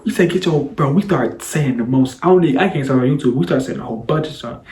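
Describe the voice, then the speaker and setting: A man's voice: fairly high pitch, a little fast, echoey room. Young man telling a story, slangy. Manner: animated, loose slangy retelling with sound effects. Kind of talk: casual storytelling vlog.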